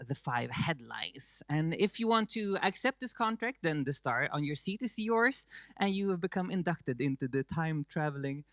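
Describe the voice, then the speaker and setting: A woman's voice: on the low side, a bit bright, dry recording. A woman with a Swedish accent, Swedish being her first language, hosting a live stage show in a chatty, self-mocking way with many fillers and restarts. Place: stage before a live audience.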